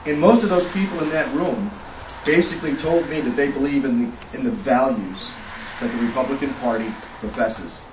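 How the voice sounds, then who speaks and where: A man's voice: medium pitch, a little fast. A middle-aged man giving a folksy, storytelling political speech at a fundraiser. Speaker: political speaker. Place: indoor event room. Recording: echoey room, distant mic, background noise.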